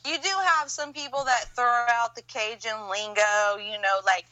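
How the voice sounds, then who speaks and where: A woman's voice: on the high side, little pitch movement, normal speed, pushed and bright, dry recording, poor audio. A woman from Louisiana with a light Southern twang, chatting sweetly as a podcast guest after a few drinks. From Pineville, Louisiana, US. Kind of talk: casual podcast chat.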